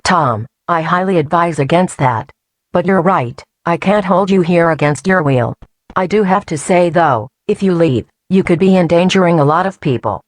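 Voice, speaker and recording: A woman's voice: on the low side, moderate pace, no room sound, close to an everyday voice. A woman playing a composed, guarded hospital staff member in an amateur audio drama. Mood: firm.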